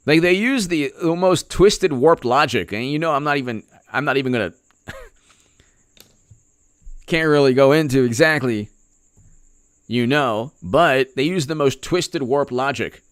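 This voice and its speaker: A man's voice: mid-range voice, measured pace, pauses often, clear, resonant tone, no echo, studio quality. A male political commentator ranting in a sarcastic, mocking way, often laughing. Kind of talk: opinion vlog rant.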